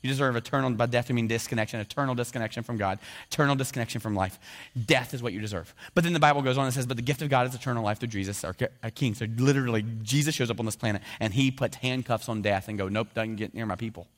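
Male pastor, animated and jokey sermon, does the voices of biblical figures. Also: medium pitch, rapid-fire.

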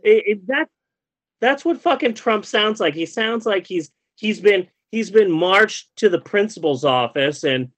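A man's voice: high voice, animated, unhurried, fairly bright tone, low-quality recording. A man in his thirties, a podcast host, ranting in casual chat with lots of swearing and exasperation.

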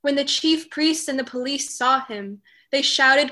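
Bright-voiced woman narrating scripture. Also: sits high, a little slow.

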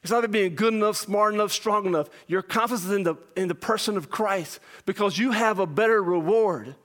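A man, a pastor and father, preaching an impassioned verse-by-verse sermon, shouting much of it and then dropping to a low voice. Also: fairly quick. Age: young adult or middle-aged parent.

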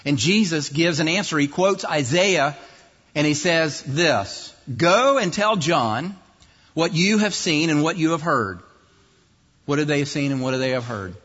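A man preaching a sermon in an explanatory, lively way, at times acting out other voices mockingly. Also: fairly high pitch, unhurried, breathy edge. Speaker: pastor. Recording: dull distant sound in a reverberant hall.

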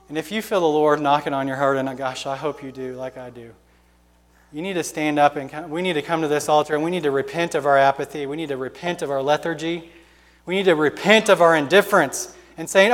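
A male pastor delivering an impassioned sermon, rising to loud exhortation and dropping to hushed pleading. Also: a little high, a little fast, big-room sound.

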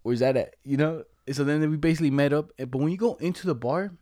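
A young man chatting loosely with a buddy, his voice sitting a little higher than most men's. He rambles through slangy stories, laughs as he goes, and slips into quick put-on voices when quoting friends. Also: warm tone. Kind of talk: casual storytelling chat.

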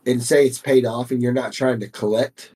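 A man co-hosting a casual podcast, talking in a relaxed, halting way with short reactions. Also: mid-range voice, slightly rough. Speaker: podcast co-host.

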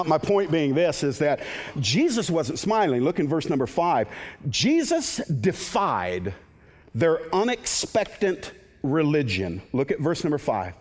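A man's voice: mid-range voice, a little mellow, big-room sound. A male pastor preaching a sermon in a conversational, emphatic way, with asides to the congregation.

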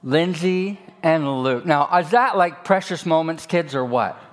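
A man's voice: on the high side, expressive, measured pace. A man in his sixties preaching a sermon with personal stories, folksy and joking with emphatic delivery.

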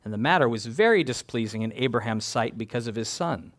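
Animated man preaching a sermon. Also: medium pitch, brisk. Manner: animated, emphatic, building lists. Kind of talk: expository sermon.

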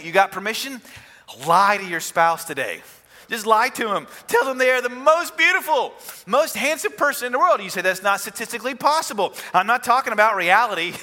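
A male pastor preaching a sermon, animated, with emphatic rises and soft drops. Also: high voice, long reverb tail.

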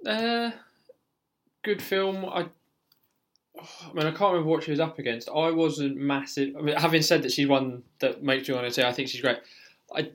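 A man's voice: a little high, normal speed, fairly bright tone. A man co-hosting a casual film podcast, chatty and casually swearing. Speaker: podcast co-host.

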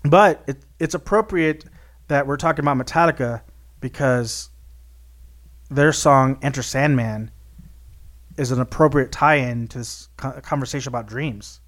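A podcast co-host with a mid-range, fairly bright voice speaks a little slowly as he chats casually. His manner is brash, profane, and joking.

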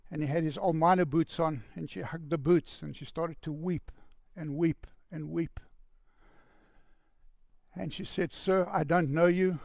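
A man telling a story in a sermon with a gravelly voice, earnest, and dropping to a hushed voice for the quoted lines. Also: fairly high pitch, no echo, clean studio sound. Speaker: preacher.

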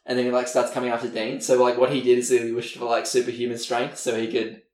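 A man's voice: medium pitch, fast talker. A man co-hosting a podcast in casual chat, animatedly retelling a TV episode and laughing often. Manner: animated storyteller, laughing often, acts out characters' lines. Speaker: podcast co-host. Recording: roomy, distant mic.

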